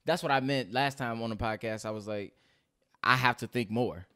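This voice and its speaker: Man co-host, casual chat, mid-range voice, agreeable, quick short replies. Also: medium pitch, pushed and bright. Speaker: podcast co-host.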